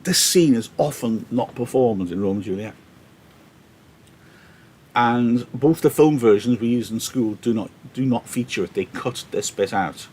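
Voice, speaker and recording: A male teacher talks through a play in a live online lesson, turning old verse into everyday speech. His voice sits at a middle pitch, picked up by a laptop microphone. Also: moderate pace, a little mellow, a little hiss or hum. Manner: explains in casual modern paraphrase.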